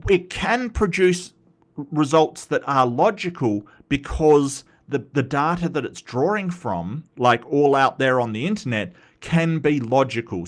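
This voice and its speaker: A man's voice: medium pitch, fairly bright tone. A man hosting a casual commentary video, talking in a rambling, self-deprecating way and often getting sidetracked. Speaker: commentary host.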